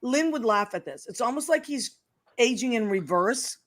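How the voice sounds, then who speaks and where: A woman's voice: a little high, lively intonation, moderate pace, a bit bright. A woman hosting a casual chat show, gushing and affectionate. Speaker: host.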